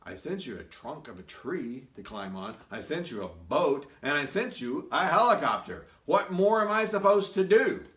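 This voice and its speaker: A man's voice: on the high side, big pitch swings, moderate pace, few pauses, fairly bright tone. A man voicing God as an exasperated, matter-of-fact deity. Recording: echoey room, mic far off.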